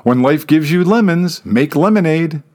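A man's voice: a little high, animated, normal speed, darkish tone, voice pushed up, close to an everyday voice. A man doing a breezy, cliché-spouting husband. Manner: breezy, upbeat.

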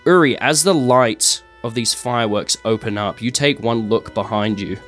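A man's voice: medium pitch, normal speed, fairly bright tone, faint music behind. A man narrating a tabletop game as game master, describing scenes with many fillers and sound effects.

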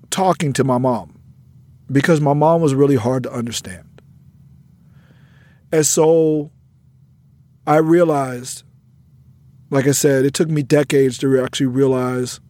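A man's voice: on the high side, darkish tone, no echo. A middle-aged man hosting a podcast, telling a personal story in an earnest, reflective way that turns emotional. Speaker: podcast host, educator.

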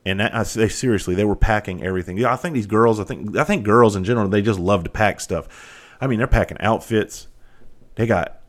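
A man's voice: lowish voice, a little fast. A man hosting a podcast, talking candidly in a rambling, profane monologue. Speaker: podcast host. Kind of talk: casual monologue.

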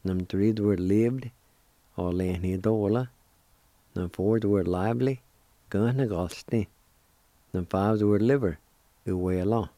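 A male radio host giving a language lesson, spelling and pronouncing words slowly and deliberately. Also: lowish voice, warm tone, no room sound.

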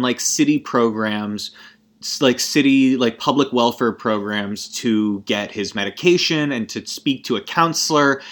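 A young man talking casually about a film in a voice of ordinary pitch. He rambles and swears, constantly breaking off and restarting his sentences. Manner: rambling and profane, frequent self-interruptions. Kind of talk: casual movie rant.

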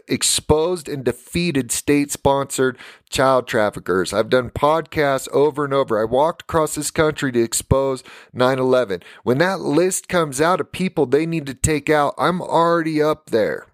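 A man's voice: medium pitch, no room sound. Earnest middle-aged man, dry sound. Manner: earnest, laughing between stories. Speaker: podcast host. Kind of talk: impassioned monologue.

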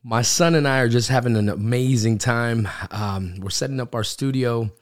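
A man's voice: medium pitch, normal speed, dry recording. A middle-aged man hosting a casual devotional podcast from a home studio, upbeat and rambling with frequent restarts. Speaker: podcast host and Bible teacher.

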